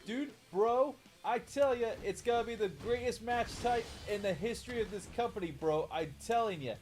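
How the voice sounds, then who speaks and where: A man voicing a brash male wrestling promoter in an exaggerated Brooklyn accent, with a pushy, excitable sales pitch. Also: normal speed. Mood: hyped.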